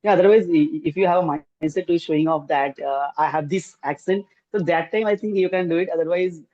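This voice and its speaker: An Indian English teacher with an Indian accent hosts a casual interview, sounding hesitant and deferential and using many fillers. His voice is a little high, a little fast, and a little mellow, recorded on a dull, dry lo-fi mic with no echo.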